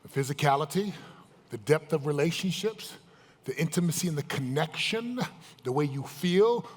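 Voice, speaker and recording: A man's voice: fairly high pitch, expressive, moderate pace, breathy edge. A man giving a motivational seminar talk, putting emphatic questions straight to a live audience. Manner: emphatic, questions the crowd directly. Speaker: motivational speaker. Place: large event hall with live audience. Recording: echoey hall, live event.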